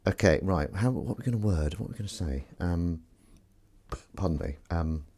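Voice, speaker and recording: A man's voice: low-pitched, expressive, a little fast, dark tone, husky. A man live-streaming, chatting casually and rambling to himself and his viewers with self-mocking asides.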